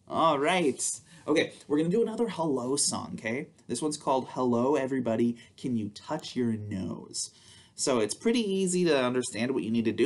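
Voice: mid-range voice, expressive, moderate pace. A storytime host at a public library who sings songs and reads a picture book to babies, in a playful, coaxing way. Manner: sing-song, playful, coaxing.

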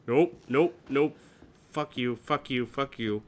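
A man's voice: medium pitch, takes it slowly. A man hosting a horror game let's play, nervous and jumpy, swearing often and cracking self-mocking jokes.

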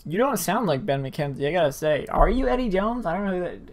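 A man's voice: high-pitched, big pitch swings, quick pace. A man hosting a let's play, rambling in casual commentary with frequent stammers and self-interruptions.

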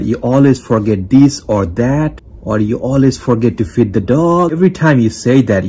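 A man hosting a relationship advice video, speaking in a calm, steady, plain way with some non-native grammar. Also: fairly low pitch, husky. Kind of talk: scripted advice talk to camera.

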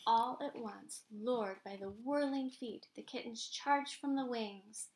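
A woman reading a children's picture book aloud, in a gentle, expressive storytelling manner. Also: fairly high pitch, slow, a little hiss or hum. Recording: roomy echo.

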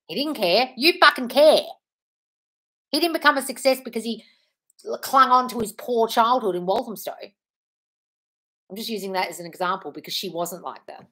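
A woman's voice: fairly high pitch, expressive, moderate pace, sharp tone. Forties woman coach on a livestream, swears a lot, says darling constantly, super blunt. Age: 40s. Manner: blunt, swears freely, calls listeners darling. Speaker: manifestation coach. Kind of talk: live-stream Q&A reading viewer comments.

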